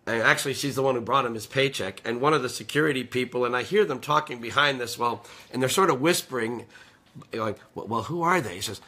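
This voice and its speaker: A man with a bright, forward voice chats easily in an interview, recapping a busy week. He laughs readily and strolls through his anecdotes. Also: medium pitch, fast. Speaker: guest and singer. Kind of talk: casual interview chat.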